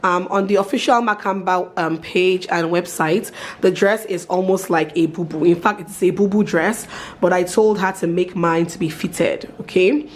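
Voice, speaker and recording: A woman's voice: on the low side, moderate pace. A woman, chatting upbeat as a vlogger at home. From Nigeria. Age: 30s. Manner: chatty, upbeat, lots of fillers. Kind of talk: casual vlog chat.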